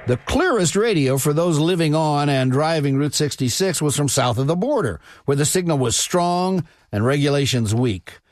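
Measured documentary narrator, man. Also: a little high, animated, darkish tone. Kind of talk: scripted narration.

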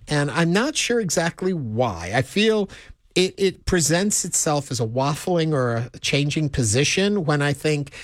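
A man's voice: medium pitch, no echo. Dry-voiced talk radio host, man. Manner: measured, conversational, invites callers. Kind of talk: call-in talk radio discussion. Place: radio studio. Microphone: close studio mic.

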